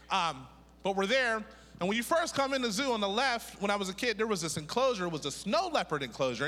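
A middle-aged man from Pittsburgh preaching a sermon as a pastor and prophet, joking and calling on the congregation to repeat after him. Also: high-pitched. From Pittsburgh, USA. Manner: lively, joking, calls on the congregation to repeat words. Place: church sanctuary. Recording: echoey hall reverb.

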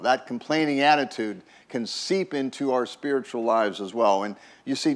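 A pastor with a medium-pitched voice delivers a conversational sermon. He's folksy and chatty, often repeats words, and keeps checking in with "right?".

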